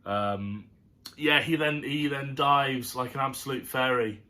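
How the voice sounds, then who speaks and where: A man's voice: medium pitch, measured pace, sharp tone. A man giving a chatty, rambling match review to camera, full of fillers and asides. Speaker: football fan reviewing a match. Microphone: camera setup.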